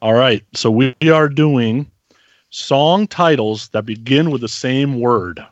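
A man's voice: mid-range voice, slow, no room sound. A man co-hosting a podcast, explaining a game in a laid-back, casual way. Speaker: podcast co-host running the game. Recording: dull, dry lo-fi sound.

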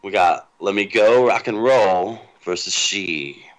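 A man co-hosting a casual chat, with a somewhat low voice and a laid-back, slangy way of talking. He runs the show's segments in an easygoing tone. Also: takes it slowly. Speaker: podcast co-host.

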